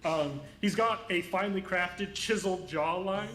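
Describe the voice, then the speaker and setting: A man leads a tabletop game session, building his scene descriptions in loose, self-correcting stretches. His voice sits a bit high. The sound carries a roomy echo. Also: normal speed, a bit bright, a little hiss or hum. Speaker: game master. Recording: echoey room.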